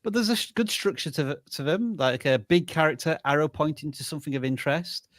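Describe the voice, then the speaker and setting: A man co-hosting a live channel review, speaking in a measured, thoughtful way with hedges. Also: on the high side, dry recording.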